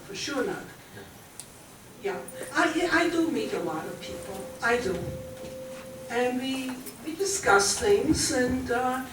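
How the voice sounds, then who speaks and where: A woman in her eighties with a German accent, giving a talk to a college audience, chatty and pausing with fillers. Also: fairly high pitch. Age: 80s. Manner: warm, chatty, pauses with fillers. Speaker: guest speaker. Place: large college hall. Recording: echoey hall from far off, faint noise.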